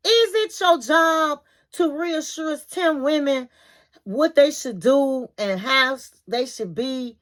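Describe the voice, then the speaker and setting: High-voiced woman animatedly recapping gossip. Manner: animated retelling, acting out quotes, chatty asides. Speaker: reality TV recap host. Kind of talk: casual recap commentary.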